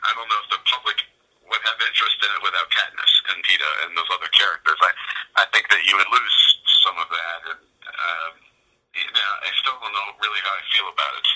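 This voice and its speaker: Sex: man. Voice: very low, very bright. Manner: hesitant, thinking aloud. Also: fast, husky, rough recording. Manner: hesitant, many restarts and fillers. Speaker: podcast co-host. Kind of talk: casual film discussion.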